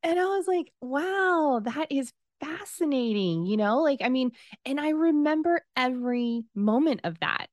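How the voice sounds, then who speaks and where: Woman, 30s, casual storytelling, animated, dry close sound. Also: high-pitched, normal speed, no room sound. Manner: animated, acts out quoted dialogue.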